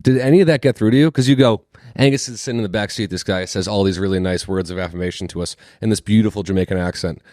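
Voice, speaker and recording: A man co-hosting a podcast in an apartment, cracking jokes in a deadpan manner. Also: lowish voice, quick pace, few pauses, no echo, clean studio sound. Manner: deadpan joking. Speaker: podcast co-host. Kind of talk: casual chat.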